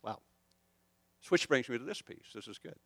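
A man's voice: mid-range voice, lively intonation, moderate pace, creaky, fairly bright tone, no echo. An older man preaching a conversational sermon, rambling and poking fun at himself as he tells stories. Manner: rambling, chatty and self-deprecating. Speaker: pastor.

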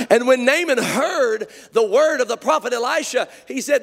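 High-voiced man preaching, long church reverb. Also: animated, moderate pace, gravelly. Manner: storytelling, exclaims hallelujah, builds to shouting. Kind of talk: sermon.

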